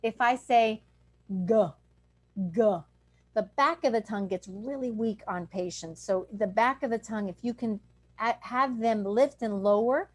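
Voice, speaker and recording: A woman's voice: on the high side, moderate pace. A woman dentist giving an online lecture on breathing and tongue exercises, explaining plainly and demonstrating throat sounds, heard over a video call. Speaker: dentist teaching a breathing clinic.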